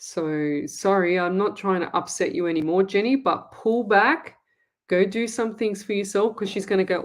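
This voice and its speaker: A woman's voice: medium pitch, steady tone, moderate pace. An Australian woman hosting a live-stream, reading out viewer comments and answering them in a blunt, emphatic way. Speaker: psychic medium host.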